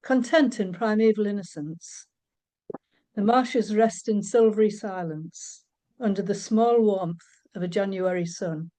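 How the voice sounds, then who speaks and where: A woman from Middlesbrough, reading her nature poem calmly and steadily. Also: mid-range voice, unhurried. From Middlesbrough, England. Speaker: poet. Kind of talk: poetry reading.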